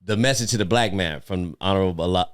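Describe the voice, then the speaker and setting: A man's voice: sits low, fast, smooth, no echo, clean studio sound. A young man co-hosting a podcast in casual chat, who laughs often and acts out quoted people in his stories. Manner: laughs often, animated retelling with quoted voices. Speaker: podcast co-host.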